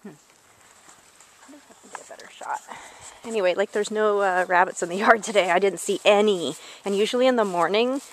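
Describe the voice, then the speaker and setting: A woman's voice: medium pitch, moderate pace, a little hiss or hum. A woman casually rambling while filming wildlife, chatting on the phone at the same time, recorded on a handheld camcorder's built-in mic.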